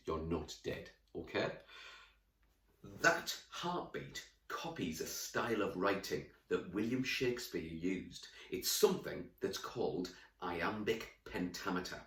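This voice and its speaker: A fairly low-voiced man teaches a lesson to young children, speaking to them directly and with lively turns. He sits a little away from the microphone in a roomy space. The sound is echoey and slightly distant. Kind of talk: classroom lesson to camera.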